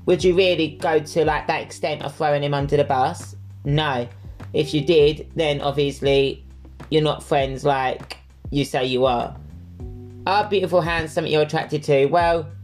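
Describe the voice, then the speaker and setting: A man hosting a podcast, answering listener questions in casual solo chat, candid and chatty with frequent fillers. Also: on the high side. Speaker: podcast host.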